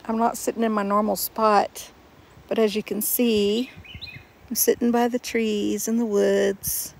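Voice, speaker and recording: Lady rambling on outside, super gravelly voice, birds faint in the back. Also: mid-range voice, unhurried, slight background noise. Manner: relaxed, rambling, chatty. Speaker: vlogger. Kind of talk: casual chat to camera. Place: outdoors under trees in the woods. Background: faint outdoor sounds with birds.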